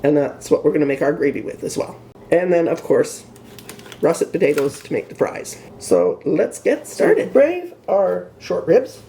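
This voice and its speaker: A woman with a gravelly, mellow voice talks through a recipe in her home kitchen. Her pitch moves around a lot as she chats, and she is quick to poke fun at herself. Faint room sound stays behind her. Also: big pitch swings, a little hiss or hum. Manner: chatty and self-deprecating, talks while cooking. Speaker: cooking show host. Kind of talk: casual cooking demonstration.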